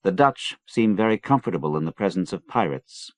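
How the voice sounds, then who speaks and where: A man's voice: low-pitched, lively intonation, brisk, dry recording. A man reading an audiobook, voicing a suave male commander who talks coolly and with mocking courtesy. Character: suave Portuguese male commander, cool and cutting. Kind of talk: audiobook character voice.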